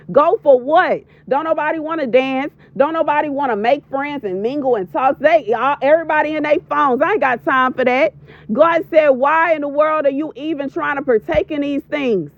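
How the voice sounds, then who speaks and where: A woman's voice: sits high, moderate pace. A woman in her thirties giving an emphatic, preachy prophetic warning as a voiceover, repeating lines for stress. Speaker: prophetic video creator. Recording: dull lo-fi voiceover.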